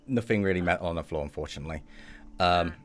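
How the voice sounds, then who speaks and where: A man's voice: sits low, fast talker. A man narrating a tabletop game as game master in loose, chatty speech.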